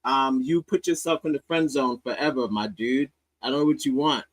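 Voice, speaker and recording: A man's voice: mid-range voice, moderate pace, low-quality recording. A man hosting a comedy podcast, riffing loosely with laughter and profanity. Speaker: podcast host. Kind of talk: casual comedic commentary.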